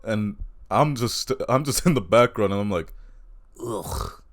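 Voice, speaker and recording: A man's voice: lowish voice, normal speed. A man doing a stand-up comedy routine, telling crude, self-mocking stories.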